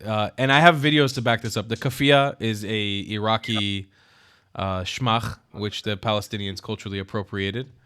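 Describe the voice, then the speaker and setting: A man's voice: lowish voice, fairly even intonation, normal speed, fairly bright tone, clear, resonant tone. A man hosting a live call-in stream, chatting casually with callers, laughing often and speaking bluntly. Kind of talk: casual chat, debating callers.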